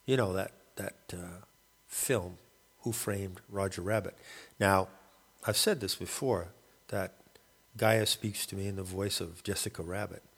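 A man calling himself a shaman, rambling through a halting spoken monologue and often searching for the right word. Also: sits low, fairly even intonation, fairly bright tone, husky, long reverb tail. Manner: halting, searching for words, many restarts. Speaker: self-described shaman.

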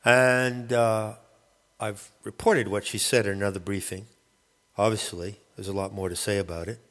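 A man calling himself a shaman, rambling through a halting spoken monologue and often searching for the right word. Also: on the low side, fairly even intonation, a bit bright, in a large hall. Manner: halting, searching for words, many restarts. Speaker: self-described shaman.

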